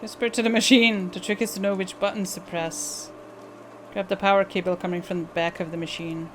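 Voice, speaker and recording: A woman playing a video game, reading the on-screen text aloud and breaking off with blunt swearing and quick asides. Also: medium pitch, steady tone, a little hiss or hum.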